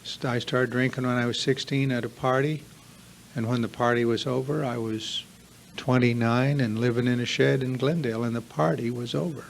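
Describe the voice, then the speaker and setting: A man's voice: medium pitch, steady tone, moderate pace, gravelly, slight background noise. A man giving a confessional recovery workshop talk to a live group, earnest and emphatic, piling up repeated lists. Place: meeting room with a live audience.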